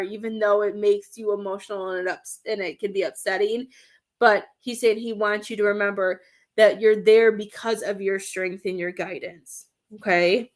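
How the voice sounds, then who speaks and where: A woman doing a live-stream reading as a medium, talking in a rambling, hesitant way and searching for words. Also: medium pitch. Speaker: psychic medium.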